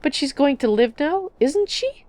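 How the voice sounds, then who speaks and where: A woman's voice: high voice, big pitch swings, a little slow, darkish tone, no echo, pitched above the performer's own voice. A desperate young mother , voiced by a woman begs through tears in a raised, quavering voice. The sound is close and dry, from a game roleplay. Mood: pleading. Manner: pleading, tearful.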